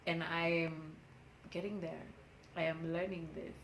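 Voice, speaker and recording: A woman's voice: sits low, flat delivery, a little slow, slight background noise, rough recording. A woman in her twenties speaking candidly and emotionally in a personal motivational vlog, laughing often. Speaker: vlogger.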